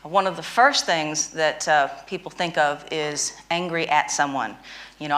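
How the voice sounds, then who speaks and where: Woman w a lowish voice explaining tapping, keeps repeating herself to drive it home. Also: unhurried, a bit bright. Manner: emphatic, repeats phrases for stress. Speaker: interviewer and tapping teacher. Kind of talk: instructional conversation.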